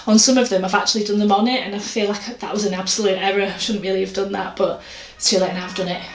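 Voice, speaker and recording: A woman's voice: medium pitch, steady tone, fast talker. A woman chatting casually about her art, rambling and self-deprecating. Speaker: artist vlogger. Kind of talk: casual chat. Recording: echoey room, faint noise.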